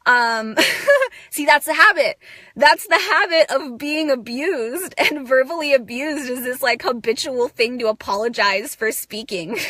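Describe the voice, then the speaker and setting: Bright-voiced intense woman speaker. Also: high voice, a little slow, no echo, studio quality. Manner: raw, intense, swearing, bursts of laughter. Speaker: spiritual speaker. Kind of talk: emotional self-help monologue.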